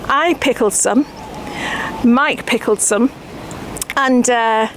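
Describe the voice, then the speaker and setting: A woman's voice: on the high side, takes it slowly, noisy background. A woman hosting her gardening channel, chatting casually and mocking herself as she sows seeds outdoors, sometimes dropping to a whisper while she works. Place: outdoor garden beside raised beds.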